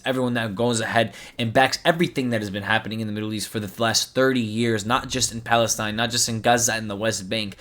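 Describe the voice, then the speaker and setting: A man's voice: mid-range voice, a bit bright. A man hosting a commentary channel, giving an impassioned, preachy monologue full of repetition.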